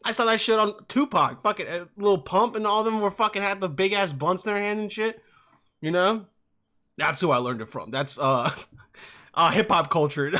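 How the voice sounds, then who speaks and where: A young man hosting a podcast, telling comic stories in an animated, profane, rambling way. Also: high-pitched, normal speed. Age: young adult. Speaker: podcast host. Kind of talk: casual comic storytelling.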